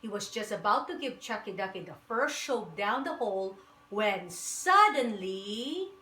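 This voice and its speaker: A woman reading a children's picture book aloud with lively, rhythmic, sing-song storytelling. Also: medium pitch, a little slow. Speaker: storybook reader. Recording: echoey room.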